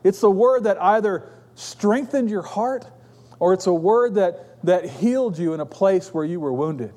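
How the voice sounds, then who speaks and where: A man's voice: high-pitched, lively intonation, a little slow, warm tone. A middle-aged man preaching a sermon, telling stories in an earnest, conversational way.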